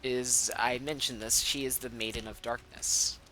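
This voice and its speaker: Bright-voiced young man running a game. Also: medium pitch, fairly even intonation, moderate pace, faint music behind. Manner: chatty, laughs often, restarts sentences. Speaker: game master. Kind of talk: running an online tabletop game session. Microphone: home microphone on a voice call.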